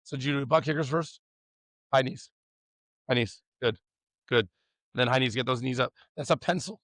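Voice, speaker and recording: A man coaching young pitchers through a warm-up, loud and upbeat, teasing the players between drills. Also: normal speed, no room sound.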